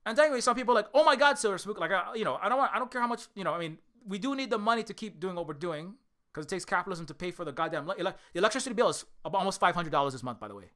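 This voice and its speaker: A man from Hawaii, an indie game developer, delivering a heated, profane rant to camera, repeating himself and swinging from shouting to weariness. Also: high-pitched, animated, racing. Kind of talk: direct-to-camera angry rant.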